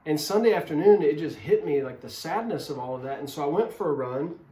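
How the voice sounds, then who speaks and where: Male pastor preaching earnestly, bit higher voice, echoey room, phone mic. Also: animated, a little fast, mellow. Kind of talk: sermon. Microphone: phone camera. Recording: roomy echo.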